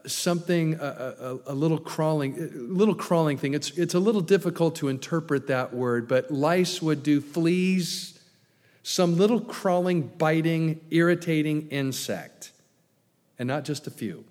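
A man's voice: fairly high pitch, a little mellow. A man preaching a sermon as a pastor, emphatic, with many rhetorical questions. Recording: long hall reverb.

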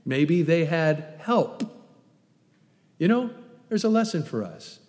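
A male pastor preaching a sermon, urging loudly one moment and dropping to soft, hushed asides the next. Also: a little high, very animated, slow. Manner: emphatic, swings between loud urging and soft hushed asides. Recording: reverberant hall.

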